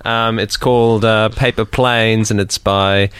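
A man's voice: fairly low pitch, level tone, a little slow, fairly bright tone, clear, resonant tone. A young man, hosting a casual student radio show, giggling and hesitant with many ums. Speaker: radio host.

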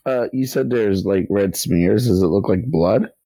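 A man's voice: on the low side, a little slow, mellow, dry recording. A man playing in a tabletop game who thinks aloud and speaks hesitantly about his character's next move. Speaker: player.

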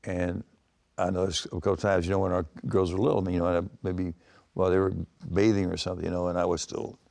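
A man's voice: deep voice, flat delivery, fast, vocal fry, darkish tone. An older man, a former baseball manager, telling long rambling anecdotes in an interview, with frequent restarts. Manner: rambling anecdotes with many restarts and acted quotes. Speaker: retired baseball manager, guest. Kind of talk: storytelling interview answers.

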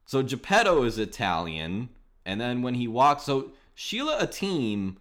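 A man's voice: mid-range voice, very animated, unhurried, fairly bright tone. A man hosting a podcast, chatting casually and wryly picking apart a film. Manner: wry, sarcastic movie critique. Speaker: podcast host. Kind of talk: casual chat.

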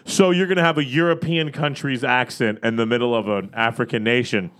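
A man hosting a podcast in casual chat, animated and joking, often acting out what others might say. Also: medium pitch, fairly quick. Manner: animated, joking, acts out quoted lines. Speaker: podcast host.

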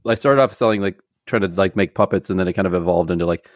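A man's voice: sits low, fast, no echo, studio quality. A man who is a podcast guest, talking casually and hesitantly, with many restarts and fillers. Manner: hesitant, rambling, lots of "like" and restarts. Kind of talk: casual chat.

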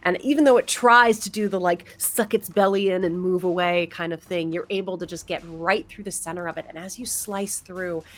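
Woman GM with a somewhat low voice, narrating a tabletop fight and walking players through the rules. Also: steady tone, a little fast, few pauses. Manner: descriptive, explains rules patiently. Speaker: game master.

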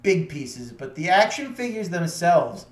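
A man's voice: a little high, unhurried. Easygoing man in an echoey room. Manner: easygoing, relaxed, trails off with fillers. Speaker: podcast co-host. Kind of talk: casual chat.

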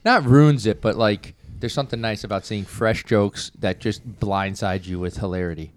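A man co-hosting a casual chat, giving relaxed, easygoing commentary. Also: fairly low pitch, normal speed. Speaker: podcast co-host. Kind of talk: casual chat among friends.

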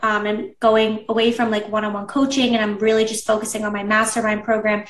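A woman's voice: medium pitch, level tone, fairly quick, recorded from a distance, a little hiss or hum. A woman business coach chatting casually in an interview, saying "like" often and acting out her past thoughts. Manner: chatty, says "like" a lot, acts out her own past thoughts. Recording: echoey room, voice a bit off-mic.

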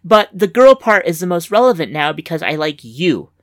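A woman's voice: lowish voice, big pitch swings, normal speed, no room sound, clean studio sound. A woman voicing a flustered young female time traveler, eager and awkward.

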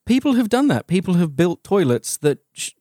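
A man's voice: high voice, very animated, moderate pace, dark tone, dry recording. A man with an Australian accent, co-hosting a podcast in casual chat, with dry wit and playful teasing. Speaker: podcast co-host, dungeon master.

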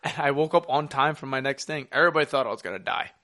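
A young man co-hosting a podcast, telling crude party stories in casual chat and acting out quotes loudly. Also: mid-range voice, rapid-fire, no echo, studio quality. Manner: crude storytelling with loud acted-out quotes. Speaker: podcast co-host.

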